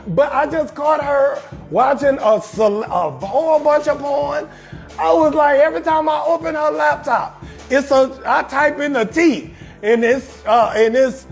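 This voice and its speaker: This is a young man with a strikingly high voice, holding court as host of his own livestreamed talk show. He delivers crude comic advice in a loud, brash stream and greets viewers in his chat by name. Soft music plays faintly behind him. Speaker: comedian hosting a live talk show. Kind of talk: profane comedic advice monologue on a livestream.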